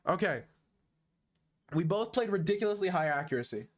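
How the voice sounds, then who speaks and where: High and sing-song, his fairly quick voice carries teasing banter as this 21-year-old American streamer breaks down chess. He keeps things casual and jokey, chuckling often at his viewers.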